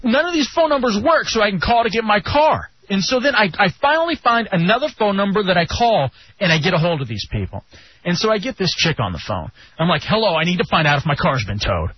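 A high, husky male voice that leaps all over the place as he tells a story on a radio show, sliding up sharply whenever he gets indignant. It sounds dull and lo-fi, like an off-air broadcast recording. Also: quick pace. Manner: animated, jumps to high pitch when indignant. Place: radio studio.

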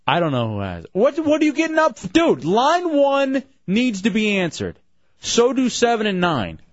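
A man's voice: sits high, wildly swooping pitch, no room sound. Brash male radio host, dry studio. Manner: brash, joking, fast patter. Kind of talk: casual radio banter. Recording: slightly muffled radio broadcast.

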